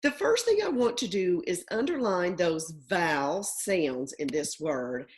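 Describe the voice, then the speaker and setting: A woman teacher giving a phonics lesson to young children from home, slow and deliberate, stretching out sounds and words. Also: fairly low pitch, sing-song.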